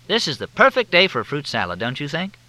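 Guarded, calm middle-aged police captain, read by a male narrator, crisp and lively. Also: on the high side, fast, no echo, voice pushed up, exaggerated voice. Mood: evasive. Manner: evasive, calm.

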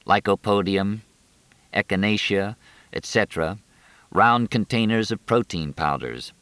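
A man narrating an audiobook with expressive storytelling and a measured rhythm through long lists. His voice is lowish, bright and forceful, with lively pitch movement. The recording is dry and close. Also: no echo.

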